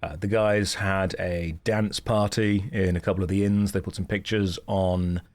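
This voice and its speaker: A man's voice: low voice, little pitch movement, a little slow, a little mellow. A man streaming a game, chatting casually and explaining mechanics in a playful, self-mocking way.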